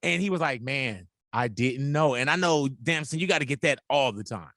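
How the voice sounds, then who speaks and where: A man hosting a casual interview, playful and quick to riff. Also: medium pitch, lively intonation, bright, forceful tone, dry recording, studio quality. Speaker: host.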